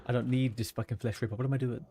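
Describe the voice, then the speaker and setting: A man's voice: medium pitch, steady tone, rapid-fire, warm tone, soft background music. Chatty man muttering through a game stream. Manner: chatty, swears often, mutters to himself while playing. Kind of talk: casual gaming livestream chat.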